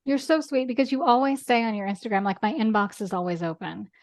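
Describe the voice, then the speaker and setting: A woman guest on a podcast, talking earnestly in casual chat, with quick bursts and lots of "like". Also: on the high side, darkish tone.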